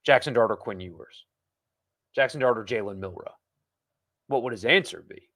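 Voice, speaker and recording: In a casual live stream, a sports podcast host reads viewer comments and rambles through opinions, often restarting his sentences. He speaks at a normal speed in a fairly low voice with a fairly bright tone.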